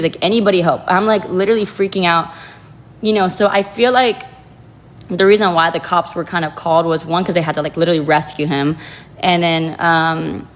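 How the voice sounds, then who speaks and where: A young woman telling an upsetting personal story as a guest. She talks in a casual, emotional way and fills her speech with "like". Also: fairly low pitch. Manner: heavy use of "like", emotional and restless. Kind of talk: casual confessional account.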